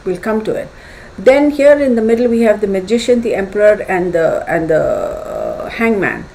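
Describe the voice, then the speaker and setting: A woman's voice: medium pitch, lively intonation, moderate pace, mellow, poor audio. Woman doing tarot chat, rambly with lots of um and uh, bit of faint hiss behind. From United States. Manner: chatty, thinks aloud with fillers and acted asides. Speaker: tarot reader. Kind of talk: casual tarot reading.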